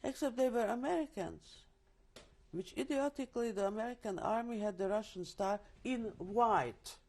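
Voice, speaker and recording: Older woman, mellow voice. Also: on the high side, moderate pace. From Czechoslovakia. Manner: vivid storytelling with restarts and asides. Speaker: interviewee, Holocaust survivor. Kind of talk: oral history testimony.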